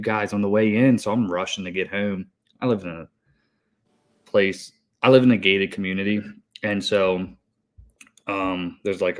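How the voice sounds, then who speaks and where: A lowish-voiced man in his thirties talks in a rush, hyper and a little out of breath. He rambles through his day with constant swearing and quick laughs. The chat is casual, between podcast co-hosts. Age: 30s. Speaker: podcast co-host, HVAC technician.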